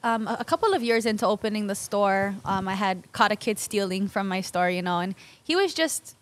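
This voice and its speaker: A woman's voice: medium pitch, expressive, a little fast. Woman from hawaii on a podcast, chatty storyteller, acts out the dialogue, laughs a lot. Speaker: guest, local business owner. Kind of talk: conversational storytelling.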